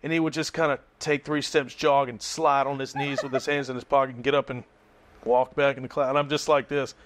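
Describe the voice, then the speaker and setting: A man's voice: medium pitch, flat delivery, brisk, fairly bright tone. A man, a teacher, chatting casually and telling stories with a dry, joking manner. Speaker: podcast co-host, teacher. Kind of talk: casual chat.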